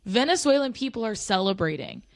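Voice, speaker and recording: A woman's voice: mid-range voice, sing-song, brisk, dry recording. Earnest woman podcast co-host, dry sound. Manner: earnest, impassioned, agrees often. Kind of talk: casual opinion chat.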